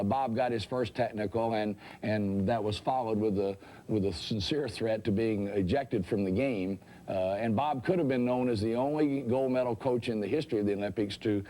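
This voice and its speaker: A man with a mellow, darker voice delivers a dry, ironic roast toast. He stumbles and restarts his phrases as he goes. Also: mid-range voice. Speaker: roast speaker.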